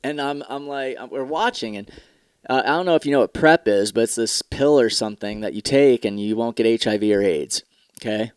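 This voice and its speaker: A man's voice: mid-range voice, brisk, smooth, no echo. Profane, rambling man on a dry mic. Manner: candid, profane, rambling with mock commercial voices. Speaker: podcast host. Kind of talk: casual solo podcast talk.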